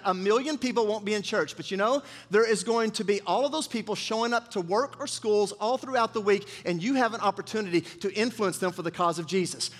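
Speaking in a high, fairly bright voice, a man leads his congregation through a call-and-response sermon as their pastor, coaxing answers from them. The sound carries the reverberation of a church hall.

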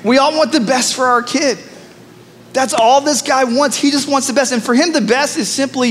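Male pastor, high voice, storytelling sermon, lively asides, long church reverb, faint room noise. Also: moderate pace. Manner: storytelling, animated with asides to the congregation.

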